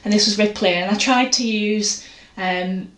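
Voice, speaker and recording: A woman's voice: mid-range voice, unhurried, fairly bright tone. A woman chatting casually about her art, rambling and self-deprecating. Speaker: artist vlogger. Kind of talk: casual chat. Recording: echoey room, faint noise.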